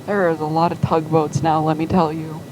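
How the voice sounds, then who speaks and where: A woman's voice: low voice, flat delivery, fairly quick, darkish tone, slight background noise, rough recording. A woman casually telling a rambling fan story, acting out quoted lines and filling with "like". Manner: rambling, full of "like" and quoted voices.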